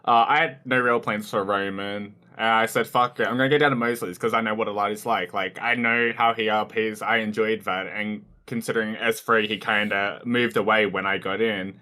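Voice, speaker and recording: A man recalling his time in a roleplay game in a relaxed, rambling way on a podcast. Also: on the low side, fairly quick, hardly any pauses. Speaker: podcast guest. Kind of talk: casual chat.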